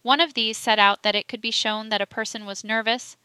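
A woman narrating an audiobook reading of a historical trial report, steady and even. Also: a little high, brisk, clear, resonant tone, dry recording.

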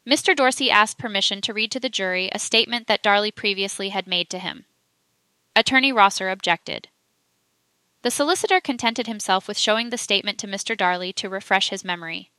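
A woman narrating an audiobook reading of a historical trial report, steady and even. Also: medium pitch, a little fast, smooth, no echo.

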